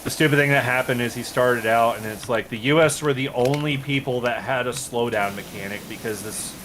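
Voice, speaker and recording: A man's voice: medium pitch, fairly quick, background noise. A man on a co-op game stream telling a long, exasperated story in casual chat, swearing freely and restarting his sentences.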